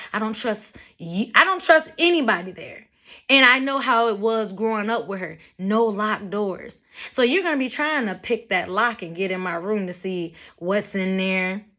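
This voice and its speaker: Bright, blunt young woman ranting. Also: mid-range voice. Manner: blunt, profane, animated storytelling with mocking asides. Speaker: vlogger. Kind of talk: ranting monologue to camera.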